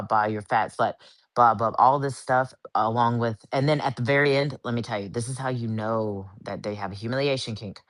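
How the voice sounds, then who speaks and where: A woman's voice: extremely low pitch, no echo. A woman co-hosting a casual online audio chat, telling rambling stories full of "like" fillers. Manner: rambling storyteller with frequent "like" fillers.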